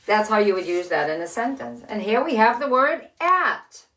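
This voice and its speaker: An older woman with six grandchildren, teaching letter sounds to children in a slow, cheerful, encouraging way from her living room. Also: a little high, big pitch swings, a bit bright. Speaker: children's story host. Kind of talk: phonics lesson and read-aloud for children.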